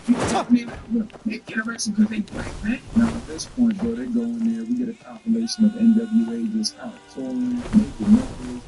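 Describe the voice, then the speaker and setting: A man with a lively, swooping delivery tells a story in loose, slangy casual talk, jumping in and out of character voices. Clear game music plays under him the whole time. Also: extremely high pitch, poor audio. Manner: slangy, animated, acts out characters. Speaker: gaming channel host. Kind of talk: casual comedic story retelling.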